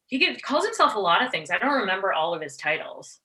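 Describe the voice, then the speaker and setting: Bright-voiced woman co-hosting. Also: medium pitch, sing-song, quick pace. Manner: chatty, retells scenes playfully. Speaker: podcast co-host. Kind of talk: casual movie review chat.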